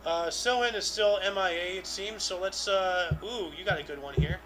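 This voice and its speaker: A man's voice, sitting high and fairly bright, moves at a normal speed as he co-hosts a casual podcast, reading historical dates and rambling full of fillers. Background music plays beneath him, and the audio is poor.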